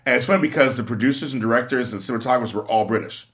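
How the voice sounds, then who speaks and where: A man hosting a casual interview, talking quickly and excitably with many restarts. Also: medium pitch. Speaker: interview host.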